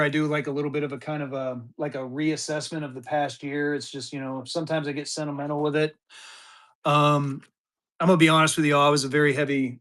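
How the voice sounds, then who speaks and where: A man's voice: a little high, sharp tone. A man, chatting casually and rambling through a live-stream auction as its seller. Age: 50s. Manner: rambling, chatty, with many restarts and fillers.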